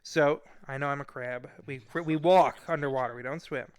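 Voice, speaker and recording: A man's voice: medium pitch, fairly even intonation, moderate pace, smooth. A man hosting a casual interview talk show, joking and playfully rude.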